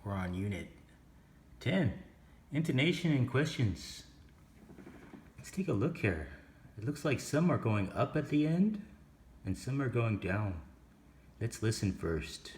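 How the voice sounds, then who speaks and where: A man's voice: medium pitch, sing-song, measured pace, long pauses, a little mellow. A man teaching an English lesson, explaining grammar and pronunciation step by step and asking the class questions.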